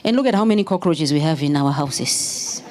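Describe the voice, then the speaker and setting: A woman preaching a sermon in church, moving from storytelling into fervent, shouted exhortation. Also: deep voice, expressive, normal speed, a little hiss or hum. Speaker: pastor's wife preaching.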